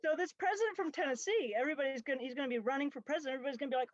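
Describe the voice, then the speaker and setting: A woman's voice: high voice, rapid-fire, hardly any pauses, a little hiss or hum. A woman arguing her side in a comic debate, rambling through absurd points with many fillers. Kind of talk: casual comic argument. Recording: dry, dull lo-fi mic.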